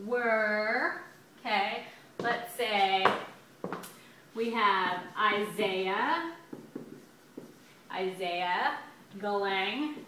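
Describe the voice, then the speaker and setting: A woman teaches a grammar lesson in a chatty, upbeat way, drawing out words as she writes them on the board. Her voice is bright and clear. The sound is echoey and picked up from a little way off the mic. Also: mid-range voice, extremely slow, pauses often, far from the mic, slight background noise. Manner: chatty, upbeat, stretches out words while writing. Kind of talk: classroom lesson at a whiteboard. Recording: echoey room, voice a bit off-mic.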